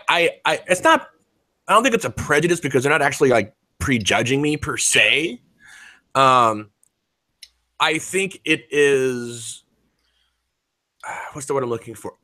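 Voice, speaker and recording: A man's voice: on the high side, very animated, moderate pace, pauses often, bright, forceful tone, no room sound. A man in his forties talking in a rambling, profane way, full of fillers and restarts. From United States. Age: 40s. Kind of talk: casual chat.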